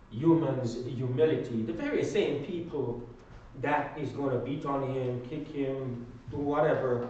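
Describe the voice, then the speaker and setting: Man, Bible class teacher, unhurried and emphatic, asks the room to fill in the blanks; boomy room, distant mic. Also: dark tone. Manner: prompts the class to finish his sentences; slow, emphatic delivery. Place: church classroom. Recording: echoey room from far off, dull.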